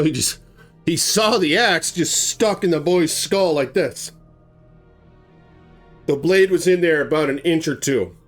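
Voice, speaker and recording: A man telling a dark tale in a loose, conversational way, drawing his words out slowly. His voice swings widely in pitch and sits a bit high, with soft music underneath. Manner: animated, conversational, acts out sounds. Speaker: storyteller. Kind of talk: casual spoken storytelling.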